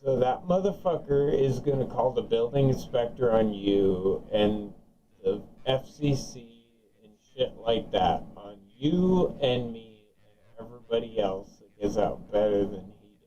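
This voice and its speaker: A man's voice: medium pitch, expressive, unhurried, warm tone. Guy ranting and taunting over cb radio, swearing nonstop, kinda far off and muffled. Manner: profane, taunting, repetitive. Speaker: CB radio caller. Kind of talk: heated CB radio banter.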